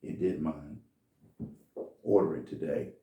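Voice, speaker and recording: A man's voice: a bass voice, unhurried, creaky, dark tone, reverberant, recorded from a distance. A man telling a folksy, rambling story in a casual monologue.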